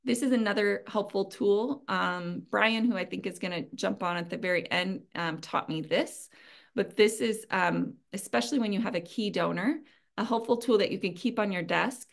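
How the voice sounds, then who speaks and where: A woman's voice: mid-range voice, moderate pace, gravelly. A woman presenting at an online training session, giving practical advice in an earnest, conversational way with frequent ums and small laughs. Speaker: webinar presenter.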